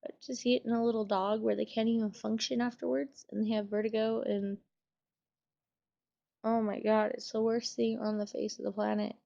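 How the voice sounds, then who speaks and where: Tearful young woman with a gravelly voice. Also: a little high, flat delivery, moderate pace, dark tone, dull audio. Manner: emotional, trying to hold back tears; casual, swears often, many fillers. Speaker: vlogger. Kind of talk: personal storytelling vlog.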